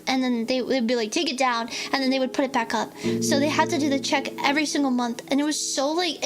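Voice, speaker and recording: A young adult woman streamer telling a rambling story in a casual chat, full of fillers, acting out what people said. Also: high voice. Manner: rambling, filler-heavy, acts out quotes. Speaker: VTuber streamer. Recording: loud music under the voice.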